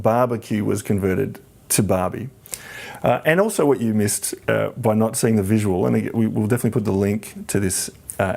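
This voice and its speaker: A man's voice: mid-range voice, vocal fry, darkish tone. An Australian man hosting a podcast, explaining things with enthusiasm in casual talk. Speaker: podcast host.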